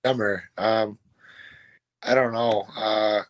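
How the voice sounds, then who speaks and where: A young man with a lowish voice speaks slowly, with no echo in the recording. As a guest fighter, he tells a rowdy story in an animated, casual way, swearing freely and acting out the voices of the people involved.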